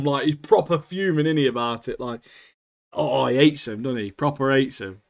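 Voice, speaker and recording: A man's voice: mid-range voice, normal speed. A man co-hosting a podcast, chatting animatedly and laughing often. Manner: animated, laughs often, says "mate" a lot. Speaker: podcast co-host. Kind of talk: casual chat.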